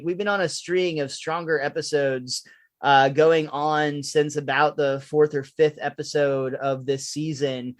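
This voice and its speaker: A man's voice: a little high, dry recording. A man co-hosting a casual review podcast, talking in a thoughtful, rambling way with a wry edge. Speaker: podcast co-host.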